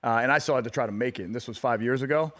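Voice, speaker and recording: A man's voice: medium pitch, rapid-fire. Guy in his 30s on a radio show, laid back, lots of uh and you know. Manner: relaxed storyteller, lots of fillers and restarts. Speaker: guest athlete. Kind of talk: casual radio interview.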